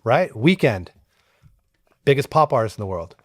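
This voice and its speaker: A man from Toronto, talking as a podcast guest in animated, emphatic casual chat and swearing freely. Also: medium pitch, measured pace, dry recording, studio quality. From Toronto, Canada.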